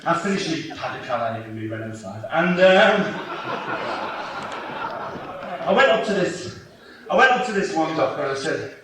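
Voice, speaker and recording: A brash, shouty stand-up comic, his pitch leaping all over as he mocks the crowd. He is caught from far off on a hissy 1991 cassette. The hall behind him rings with a heavy echo. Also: lively intonation, moderate pace, long pauses. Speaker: stand-up comedian. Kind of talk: live stand-up comedy. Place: theatre stage with audience. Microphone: cassette recorder in the audience. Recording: distant, noisy 1991 cassette recording.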